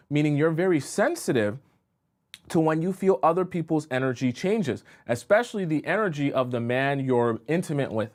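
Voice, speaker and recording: A man coaching viewers on dating during a livestream, spinning an extended story to make his point. He keeps checking in with the listener as he goes, and his voice sits a little above a typical male pitch. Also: darkish tone. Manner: storytelling, with frequent "okay?" and "right?" check-ins. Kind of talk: livestream advice talk.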